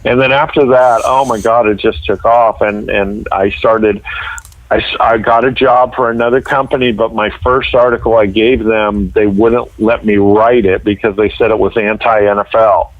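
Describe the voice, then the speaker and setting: A man's voice: on the low side, steady tone, normal speed, no echo, phone-quality sound. A young adult man from Northern California, a guest writer telling stories animatedly on a podcast, acting out the voices of people he quotes. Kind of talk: casual podcast chat.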